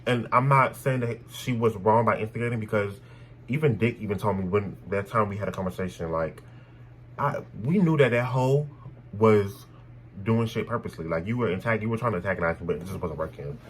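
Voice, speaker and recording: A young man telling a personal story in a casual, animated way, blunt and full of swearing. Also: lowish voice, brisk, slight background noise, poor audio. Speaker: storytime vlogger.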